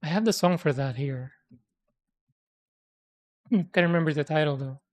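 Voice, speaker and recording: A woman's voice: low voice, normal speed. A woman in casual chat who rambles, hesitates and corrects herself as she talks. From immigrant to America.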